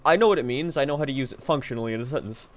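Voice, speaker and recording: A man's voice: mid-range voice, racing. Rambling, joking male game streamer. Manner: rambling, joking and self-mocking, talking to himself. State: yawning, tired. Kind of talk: casual gaming stream chatter.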